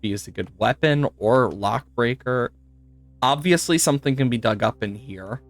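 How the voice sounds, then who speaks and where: A man's voice: mid-range voice, moderate pace, soft background music. A man streaming a puzzle game live, chatting to viewers, laughing often and swearing now and then. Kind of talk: live gameplay commentary.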